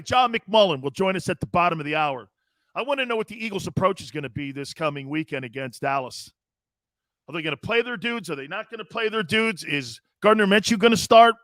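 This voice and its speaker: Man, sports talk host, high voice, dry close sound, joking, animated. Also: moderate pace, no echo. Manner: animated, joking, often laughing. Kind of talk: casual sports radio talk.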